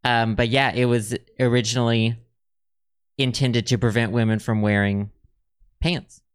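Male podcast host, casual and rambling, smooth voice. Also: mid-range voice, steady tone, a little slow, no echo, clean studio sound. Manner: chatty, rambling, reads facts aloud with many ums. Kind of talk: casual chat.

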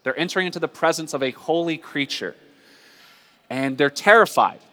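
A man preaching a sermon as a pastor, earnest and conversational, with drawn-out dramatic pauses. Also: on the high side, sharp tone. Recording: long hall reverb.

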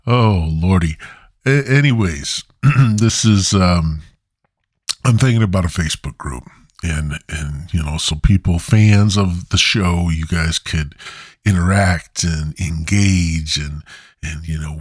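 A man's voice: low-pitched, slow pace, slightly rough, no room sound, studio quality. A man hosting his own podcast, rambling and joking crudely with many restarts. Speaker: podcast host. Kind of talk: rambling solo podcast monologue.

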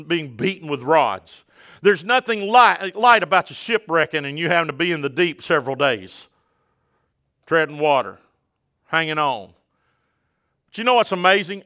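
A man, preaching a sermon as pastor, building to fervent peaks and asking the congregation direct questions. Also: high-pitched. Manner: fervent preaching, rising to a near-shout at climaxes.

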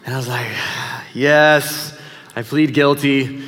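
A man's voice: medium pitch, steady tone, takes it slowly, fairly bright tone. A middle-aged man preaching a sermon, telling a personal story in a conversational, self-deprecating way. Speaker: pastor. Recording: long hall reverb.

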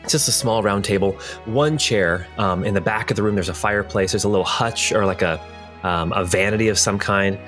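A man's voice: on the low side, fairly quick, a bit bright, soft background music. A man narrating a tabletop game as game master in a rambling way, with many fillers.

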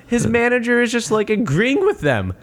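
Animated man recapping with lively pitch. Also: normal speed. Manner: animated storytelling, acting out quotes in voices, laughing often; profane, slangy. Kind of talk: casual movie recap chat.

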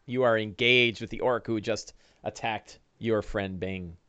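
A man narrating as game master, describing combat and breaking into loud monster voices. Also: on the low side, a little slow, clear, resonant tone, lo-fi sound. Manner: lively narration with shouted orc voices.

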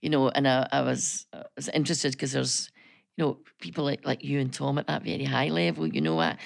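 A middle-aged Scottish woman with a low voice and a gravelly edge, chatting as a radio guest. She tells her stories in a lively, talkative way, often restarting her sentences. The studio sound is dry and close. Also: a little fast, dry recording. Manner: animated storyteller, chatty, many restarts. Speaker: business chamber chief executive, guest. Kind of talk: casual radio chat.

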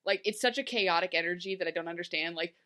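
A woman's voice: on the low side, fast. A young woman co-hosting a podcast, chatting casually and with lots of laughter as she recaps a TV episode. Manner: giggly, animated, quoting characters in mock voices. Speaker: podcast co-host.

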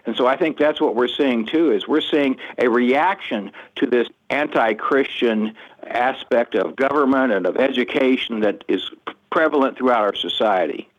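An older man answering interview questions in an earnest, measured and reflective way. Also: medium pitch. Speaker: guest author. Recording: muffled lo-fi audio.

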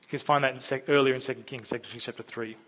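A man in his thirties preaching a conversational sermon, telling stories and breaking into loud dramatic bursts. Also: medium pitch, steady tone, racing. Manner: chatty, storytelling, with sudden loud dramatic bursts.

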